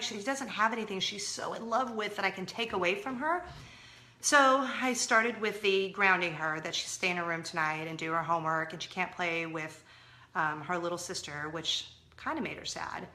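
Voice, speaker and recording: A woman in her thirties chatting to camera as a parenting vlogger, expressive and moving between loud and hushed. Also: fairly low pitch, normal speed. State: injured, in a leg cast. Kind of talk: casual chat to camera.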